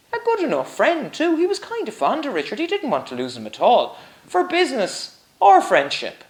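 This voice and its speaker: A man tells a story to schoolchildren in a playful way and asks them questions as he goes. His voice swoops up and down with great animation. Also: high voice. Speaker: primary school teacher, storyteller. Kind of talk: storytelling for children.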